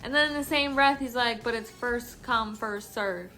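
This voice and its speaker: A woman's voice: a little high, normal speed, sharp tone, soft background music. A tipsy young woman telling a work story to camera, laughing often and swearing as she acts out the people involved. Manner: laughing often, swearing, acting out coworkers' lines. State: tipsy from drinking. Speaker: vlogger.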